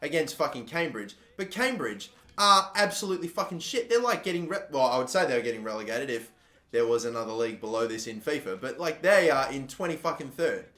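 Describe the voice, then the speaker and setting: A young man commentating his own football video game, swearing constantly and bursting into loud, frustrated outbursts. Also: mid-range voice, expressive, a little fast. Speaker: gaming YouTuber. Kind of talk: live gameplay commentary. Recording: echoey room, faint background noise.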